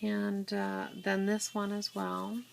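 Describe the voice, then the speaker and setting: A woman giving a casual, unhurried walkthrough of a handmade scrapbook album, with many fillers and restarts, filmed on a phone at home. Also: medium pitch, little pitch movement, vocal fry. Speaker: crafter showing her scrapbook album. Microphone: handheld phone camera. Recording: faint room noise, phone capture.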